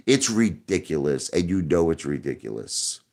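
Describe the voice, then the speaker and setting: A man's voice: very deep voice, sing-song, normal speed, gravelly, a little mellow. A man hosting a casual online show, talking defensively to his viewers and stumbling over repeated words. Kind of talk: casual livestream talk to viewers.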